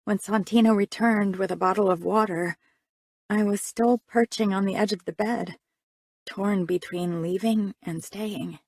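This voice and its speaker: Woman reading an audiobook, raspy and a bit gravelly, dry studio sound. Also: medium pitch, fairly even intonation, measured pace, darkish tone, dry recording. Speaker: audiobook narrator. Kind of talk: first-person audiobook narration.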